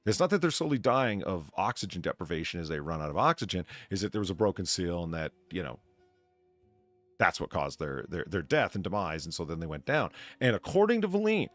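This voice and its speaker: A man chats casually as a podcast host, his pitch swinging widely as he reads headlines and swears through stumbling restarts. The recording is dry and close. Faint music plays behind him. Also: big pitch swings, fairly quick, no room sound. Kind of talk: casual chat reading news.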